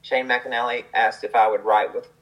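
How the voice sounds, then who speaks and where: A man recounts a songwriting session in loose, conversational storytelling. His delivery is chatty and animated, full of fillers and quick asides, and his voice sits in a middle pitch. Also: low-quality recording. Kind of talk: casual storytelling.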